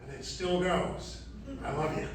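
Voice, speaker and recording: An older man, a guest on a convention panel, telling stories from his career in a slow, chuckling, self-deprecating way, a little out of breath. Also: high-pitched, steady tone. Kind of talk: convention Q&A storytelling. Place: large convention hall. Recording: echoey hall, distant mic, noisy.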